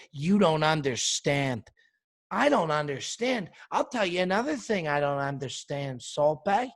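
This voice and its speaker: A man hosting a comedy podcast, delivering an exasperated, indignant rant. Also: a little high.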